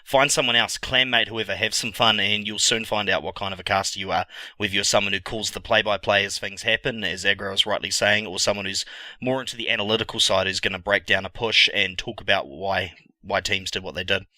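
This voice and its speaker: A man's voice: fairly low pitch, fairly even intonation, a little fast, pushed and bright, dry recording. A man on a gaming podcast panel, giving earnest advice in casual chat.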